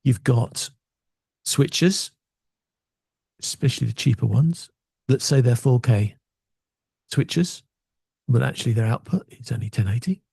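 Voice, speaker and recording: A man's voice: medium pitch, a little slow, creaky, pauses often, a little mellow, slightly rough, no echo. A man giving casual, opinionated tech talk from his small home studio, full of wry asides. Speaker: video tech presenter.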